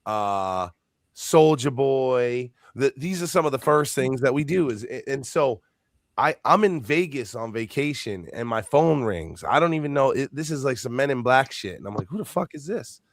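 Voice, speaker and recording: A man hosting a live podcast talks in a mid-pitched voice that sits plain and dry in the mix. He tells long stories in a loose, casual way and swears often. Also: no echo. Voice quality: profane, animated storyteller. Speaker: podcast host.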